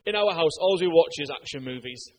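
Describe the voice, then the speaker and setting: A man giving a lively sermon, chatty and joking, asking the crowd questions. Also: a little high, fairly quick, big-room sound, low-quality recording. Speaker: preacher.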